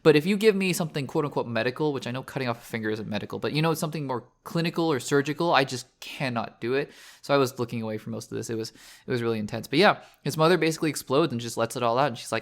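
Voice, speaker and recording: A man's voice: mid-range voice, rapid-fire, fairly bright tone. A man hosting a podcast, talking through a TV finale in a rambling, earnest way, full of restarts and fillers. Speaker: podcast host. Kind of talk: casual spoiler discussion.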